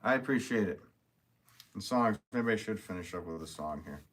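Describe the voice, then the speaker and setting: A man's voice: fairly low pitch, animated, moderate pace, fairly bright tone. A man hosting a casual live stream, reading viewer comments aloud, chatty and upbeat, thanking people and laughing often.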